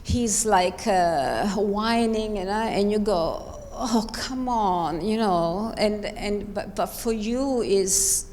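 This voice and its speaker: A woman's voice: medium pitch, slow, few pauses, a little mellow, long reverb tail, slight background noise. A woman coaching dancers in a live rehearsal, emphatic and encouraging as she talks them through each step in a large performance studio. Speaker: ballet coach.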